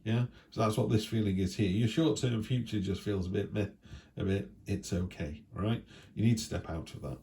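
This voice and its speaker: Man, deep voice, warm mellow tone, casual tarot reader, rambling chatty delivery, tag questions. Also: a little fast, gravelly. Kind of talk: casual weekly tarot reading.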